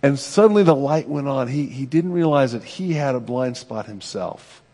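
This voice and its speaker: A man's voice: medium pitch, expressive, normal speed, warm tone, big-room sound. A middle-aged man, a pastor, preaching a sermon in a conversational, self-deprecating way, often checking in with "right?".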